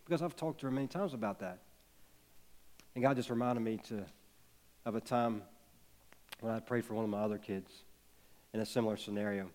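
A man's voice: lowish voice, a little fast, long pauses, a little mellow. A man in his thirties preaching a sermon, telling a personal story in an earnest way and building to emphatic peaks. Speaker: pastor.

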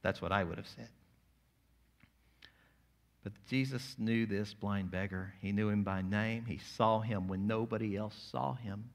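A male pastor preaching a sermon, moving between quiet, intimate lines and loud, emphatic passages. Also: fairly low pitch, fairly even intonation, unhurried.

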